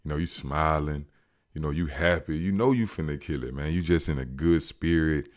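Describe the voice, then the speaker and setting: Low voiced guy recapping a show, real animated. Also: normal speed. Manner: animated, slangy, acts out quotes. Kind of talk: casual storytelling recap.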